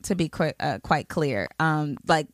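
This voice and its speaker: A woman's voice: low-pitched, lively intonation, measured pace, no room sound, clean studio sound. A woman co-hosting a podcast, talking loosely and candidly with lots of fillers and some swearing. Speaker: podcast co-host. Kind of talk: casual chat.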